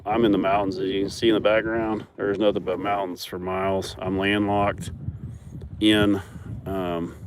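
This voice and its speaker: A young man with a fairly low voice tells his farm story with lively energy and frequent laughs. He talks outdoors on a mountain farm, close to a phone camera. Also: a little hiss or hum. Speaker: farmer and animal owner. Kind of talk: casual storytelling vlog.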